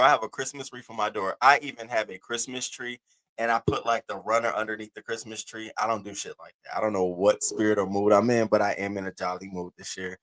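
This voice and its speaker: A man's voice: lowish voice, pushed and bright. A man in his thirties hosting a casual live stream, candid and profane, swinging between laughing and heavy moments. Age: 30s.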